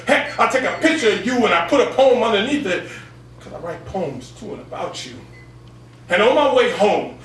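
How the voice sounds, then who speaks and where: An open mic poet with a baritone yet fairly bright male voice gives a spoken word performance on a cafe gallery stage. His delivery is rhythmic, built around a repeated refrain. The recording is echoey and distant from the mic, with a faint hum.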